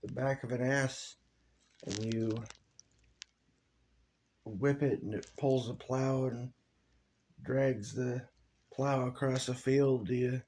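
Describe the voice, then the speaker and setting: A man who has just woken up talks in a rambling, halting monologue, trailing off and sighing. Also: medium pitch, mellow. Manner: halting, rambling, full of fillers and sighs. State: drowsy, just woke up.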